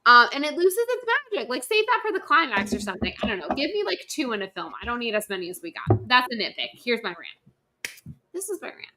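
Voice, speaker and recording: A woman's voice: fairly high pitch, big pitch swings, a little fast, background noise. A young woman co-hosting a casual podcast, ranting emphatically and swearing freely. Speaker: podcast co-host.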